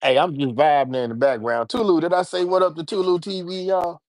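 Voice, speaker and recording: A man's voice: on the high side, fairly even intonation, fairly quick, darkish tone, no room sound. A man hosts a casual livestream and drifts from topic to topic. He stumbles over repeated words and keeps talking to his viewers. The room sounds dry and close. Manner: loose, rambling, talks to his chat, repeats words. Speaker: livestream host.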